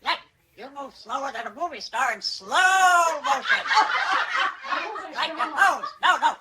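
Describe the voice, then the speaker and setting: A woman's voice: high-pitched, expressive, unhurried. A woman voicing a cheeky, bossy talking parrot that teases in mock-dramatic commands. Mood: teasing. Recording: loud background noise.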